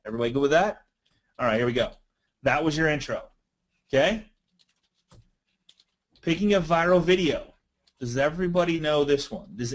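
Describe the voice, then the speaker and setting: A man talks through a marketing webinar for a live audience. He is loose, chatty and energetic. His voice sits at a middle pitch. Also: poor audio. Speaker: webinar presenter. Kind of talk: casual instructional webinar talk.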